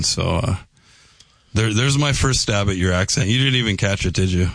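Teasing low-voiced North Dakota man. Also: moderate pace, a bit bright, no echo. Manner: teasing, jokey. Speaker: studio guest. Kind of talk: casual radio banter.

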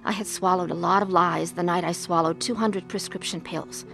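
A woman's voice: lowish voice, fairly even intonation, moderate pace, creaky, fairly bright tone, soft background music. A woman narrating and playing a troubled adult woman in emotional pain, speaking earnestly. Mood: somber. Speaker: narrator and main character. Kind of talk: dramatized testimony with first-person narration.

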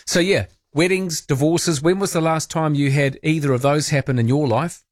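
A man's voice: a little high, steady tone, moderate pace, dry recording, clean studio sound. A man with a New Zealand accent hosting overnight talk radio, chatty and wry, asking listeners questions. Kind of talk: casual radio chat. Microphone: studio microphone.

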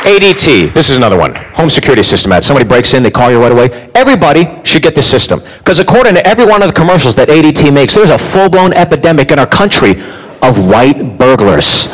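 A man's voice: on the high side, low-quality recording. A man doing a sarcastic, ranting stand-up routine on a comedy club stage. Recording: live club with crowd noise.

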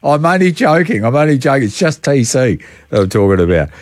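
A man's voice: mid-range voice, sing-song, brisk, no room sound. Australian man, radio host, joking with callers, very dry close sound. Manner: jokey, laughs often, matey. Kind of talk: breakfast radio chat.

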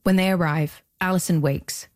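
A woman hosting and narrating a documentary podcast in a measured, scripted delivery. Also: fairly low pitch, fairly even intonation, a little mellow. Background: faint music.

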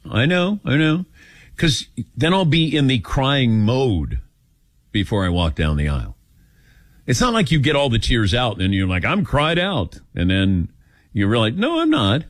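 An older man hosting a call-in radio show, taking callers and telling personal stories with lively acted-out quotes. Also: medium pitch, moderate pace, dry recording. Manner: animated storytelling, acts out quotes. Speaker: radio talk show host.

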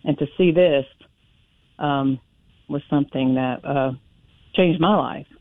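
A woman calling in to a radio talk show, telling a personal story in a chatty, animated way. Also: low voice, takes it slowly, dry recording. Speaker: caller. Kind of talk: phone-in storytelling. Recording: tinny phone line.

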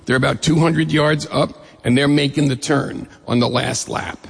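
A man quoting a calm male race-car guide who coaches a driver with encouragement. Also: mid-range voice, normal speed, vocal fry, husky. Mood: coaching. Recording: long reverb of a hall.

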